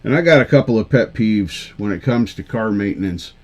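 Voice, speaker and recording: A man's voice: fairly low pitch, lively intonation, brisk, darkish tone, dull audio. Rambling self-deprecating male stream host. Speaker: livestream karaoke show host. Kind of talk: casual chat with viewers.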